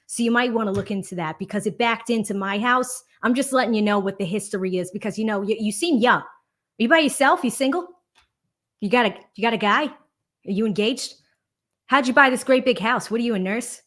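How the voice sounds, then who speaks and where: A woman doing a nosy Boston neighbor lady. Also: a little high. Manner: loud, prying, rapid questions. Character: nosy chatty older woman neighbor, thick Boston accent.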